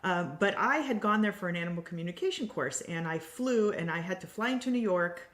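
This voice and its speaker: A woman's voice: lowish voice, brisk. Storytelling woman in a roomy echo. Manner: lively storyteller who laughs often. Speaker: co-host, healing coach. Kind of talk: casual livestream conversation.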